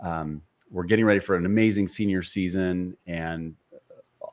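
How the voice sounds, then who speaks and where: A very low-voiced man in his forties sits as a podcast guest. He tells stories in an earnest, motivational way, often restarting his sentences and leaning on fillers. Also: steady tone, normal speed, a little mellow. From Seattle area. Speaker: podcast guest, sales speaker and author. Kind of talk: conversational storytelling interview.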